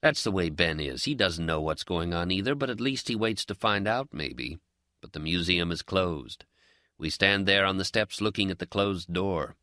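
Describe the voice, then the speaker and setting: A deep-voiced man reads an audiobook with reflective, expressive narration. His tone is bright and his pitch moves a lot, captured in a dry, close studio recording. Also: normal speed, dry recording. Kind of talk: scripted narration.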